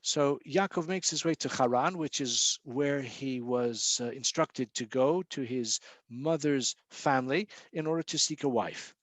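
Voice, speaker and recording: Casual, dry-sounding rabbi explaining scripture. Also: male voice, mid-range voice, no echo. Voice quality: fills pauses with many uh and um, restarts phrases. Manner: chanting Hebrew verses slowly, then explaining in English. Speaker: rabbi teaching Torah portion. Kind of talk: informal Torah class.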